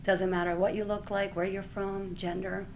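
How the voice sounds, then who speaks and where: Woman from puerto rico in her 40s, doctor giving an award speech, animated storyteller, faint noise behind. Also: medium pitch, normal speed, vocal fry. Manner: lively storyteller who acts out the exchanges she retells.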